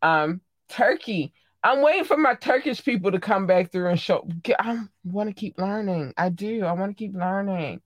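Lively gushing woman podcast host. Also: mid-range voice, moderate pace, no room sound, studio quality. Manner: animated, gushing, playful shout-outs. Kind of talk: casual solo podcast chat.

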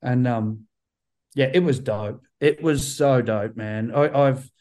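Man, mellow voice, mid pitch, rambling, swearing, video call guest. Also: slow. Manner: rambling, swears often, many restarts. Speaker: band member guest. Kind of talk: casual interview chat.

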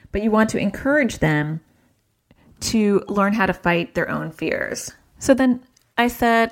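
A woman in her thirties, a child therapist, giving parenting advice in a chatty, animated way. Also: mid-range voice. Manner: chatty, animated when quoting family. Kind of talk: casual advice talk.

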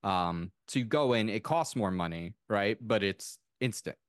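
A man in his thirties chatting on a podcast, telling a long story with enthusiastic, animated asides. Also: lowish voice, measured pace, no room sound, studio quality. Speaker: podcast co-host. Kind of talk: casual chat.

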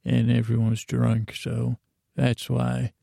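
A man voicing a wry young woman ventriloquist in his own halting, rambling voice. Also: mid-range voice, completely flat delivery, vocal fry, dark tone, dry recording, clean studio sound.

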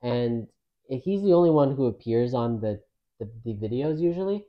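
A man co-hosting a casual podcast chat, relaxed and thoughtful, gently pushing back on points. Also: mid-range voice, normal speed, highs cut off.

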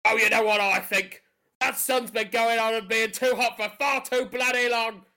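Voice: mid-range voice, steady tone, moderate pace, pushed and bright. An indignant, fed-up woman caller, as the weather presenter puts her on in an improv comedy game. She rants in a grumbling, put-upon tone. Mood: ranting. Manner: indignant ranting.

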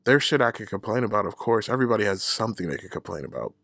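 A man's voice: lowish voice, expressive, rapid-fire, gravelly, a bit bright, no room sound, studio quality. A man hosting his own podcast, telling a personal story in a casual, profane, candid way, laughing at himself and acting out the people he quotes. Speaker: podcast host.

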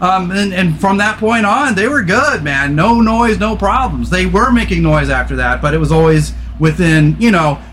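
A man hosting a podcast in casual chat, animated and swearing freely, laughing often. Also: sits high, normal speed, hardly any pauses, a little hiss or hum. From California. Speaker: podcast host.

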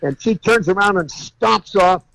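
A man guest, a custom car builder, telling folksy, animated stories and laughing along the way. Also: high voice, unhurried, creaky, dry recording, poor audio. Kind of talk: anecdotal storytelling.

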